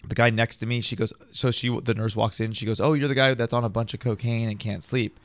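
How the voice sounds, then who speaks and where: A man's voice: mid-range voice, little pitch movement, brisk, dry recording. A man telling a long personal story in casual, profane, rambling talk, acting out what others said.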